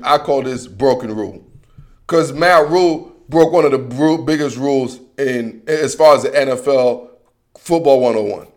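A man with a fairly high voice runs a casual football opinion monologue. He is animated and slangy, circles back on his points, and talks straight at the coach he is criticizing. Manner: animated, slangy, repeats himself, addresses people directly. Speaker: sports commentary host.

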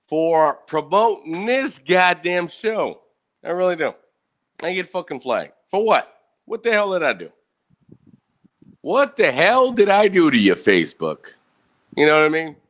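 A man with a slightly high, fairly bright voice runs his own livestream, delivering an angry rant packed with profanity. He checks in with "right?" after every point, speaking from an indoor room with bright lighting and a fan going.

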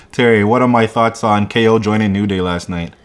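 A man's voice: lowish voice, fairly even intonation, normal speed. A young man co-hosting a casual livestream podcast, loose and profane, reading viewer comments aloud. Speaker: podcast co-host.

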